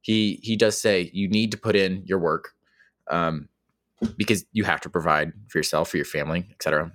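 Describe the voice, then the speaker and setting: A man's voice: deep voice, fairly even intonation, normal speed, a bit bright, no echo, clean studio sound. A man co-hosting a podcast, laying out his points in order in a thoughtful way. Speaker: podcast co-host. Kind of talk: casual discussion.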